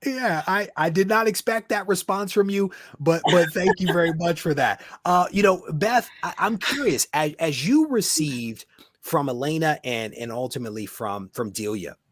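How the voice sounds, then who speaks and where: A man hosting a casual comics interview over a video call, animated, often repeating words and laughing. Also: fairly high pitch, moderate pace. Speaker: podcast host.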